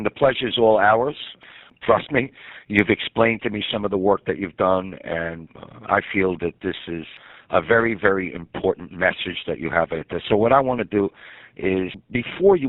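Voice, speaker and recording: A male radio host with a very low voice asks his guest long, winding, encouraging questions. The sound is dry, thin and phone-like. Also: no echo. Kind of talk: interview.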